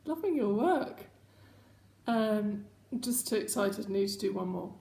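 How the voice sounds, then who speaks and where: A woman's voice: medium pitch, animated, unhurried, vocal fry, mellow, a little hiss or hum. A woman hosting her own casual video chat, rambling and self-mocking as she talks at home. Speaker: host. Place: home room. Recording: echoey home room.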